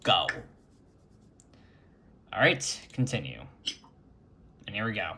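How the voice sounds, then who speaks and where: A man's voice: fairly low pitch, big pitch swings, gravelly, bright, forceful tone. A man chatting casually as he records his screen and talks through an old computer setup. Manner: unhurried, chatty, mutters while clicking. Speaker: retro computing vlogger.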